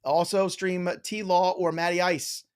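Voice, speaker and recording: A man's voice: high voice, flat delivery, takes it slowly, smooth. A man hosting a live stream Q&A, reading viewer questions with playful, joking banter.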